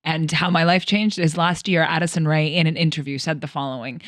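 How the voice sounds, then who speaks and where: A man's voice: a little high, fairly even intonation, a little fast, fairly bright tone. A man hosting a podcast in casual chat, playful and sweary with dramatic asides. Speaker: podcast host.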